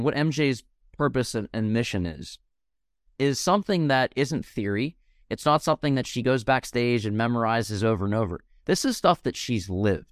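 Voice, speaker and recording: A man's voice: mid-range voice, no room sound, clean studio sound. A young man hosting a podcast interview, speaking with passion and heartfelt gratitude. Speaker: podcast host.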